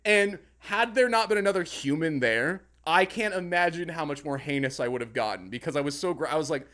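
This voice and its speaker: A young man co-hosting a podcast, telling a story in casual chat, animated and swearing as he acts out his own angry outbursts. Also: a little high, fairly quick, hardly any pauses. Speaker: podcast co-host.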